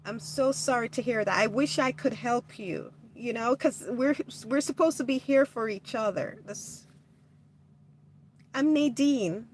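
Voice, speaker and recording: Casting: woman, livestream host, gentle and slow-paced, slightly high voice, faint noise behind. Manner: gentle, warm-hearted, hesitant with restarts. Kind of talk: casual livestream chat reading comments.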